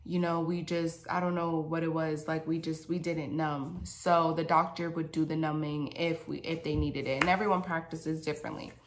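A woman's voice: sits low, moderate pace, few pauses, a little hiss or hum. A woman dental hygienist telling a dramatic storytime to viewers in a casual, slangy way, talking straight to them. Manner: animated, dramatic, slangy, addresses viewers directly.

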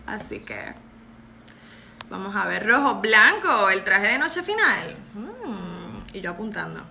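A woman's voice: mid-range voice, very animated, creaky, bright, forceful tone. A woman, a pageant contestant chatting effusively with viewers on a live stream. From Puerto Rico. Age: 20s. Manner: bubbly and effusive, quick to thank and laugh.

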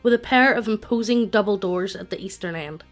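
A text-to-speech woman's voice narrating a tabletop game, with a flat, evenly paced computer reading. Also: medium pitch, a little fast, faint music behind.

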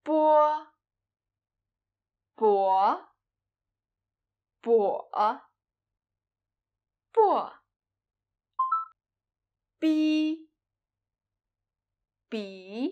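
A woman's voice: mid-range voice, darkish tone, breathy edge. A woman teaching Mandarin pronunciation, modeling each syllable with exaggerated tones in a scripted lesson.

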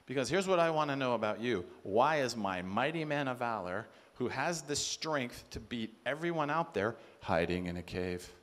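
A man giving a sermon at a conference, animated, acting out quoted voices and asking the crowd rhetorical questions. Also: mid-range voice, moderate pace, few pauses. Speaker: conference speaker.

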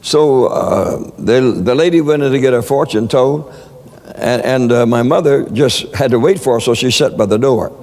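A man preaches with a gravelly, rough-edged voice and tells stories with many stammered repeats. His pitch sits in a middle range. A long reverb from a large hall hangs behind his words. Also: normal speed, a little mellow. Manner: storytelling with frequent stammered repeats. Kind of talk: sermon.

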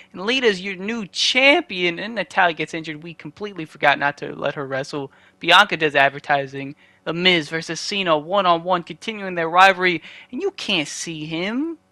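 Bright-voiced man recapping a game. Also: a little high, no echo. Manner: quick play-by-play recap with dry asides. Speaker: gaming channel host. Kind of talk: casual game commentary recap.

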